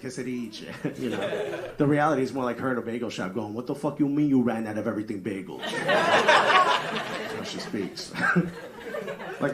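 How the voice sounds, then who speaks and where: A man's voice: lowish voice, background noise. A man doing a stand-up comedy set, talking wryly and casually and working the crowd. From US East Coast. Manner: wry, conversational, crowd work. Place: comedy club with live audience. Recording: live club audience laughter.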